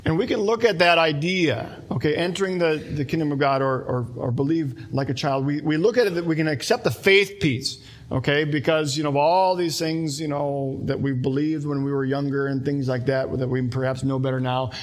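A man's voice: fairly high pitch, a little fast. A man in his thirties preaching a sermon as a pastor, talking conversationally and explaining with everyday examples.

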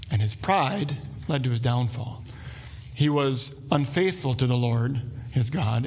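A man's voice: on the high side, husky. A pastor giving a conversational sermon with asides to his listeners.

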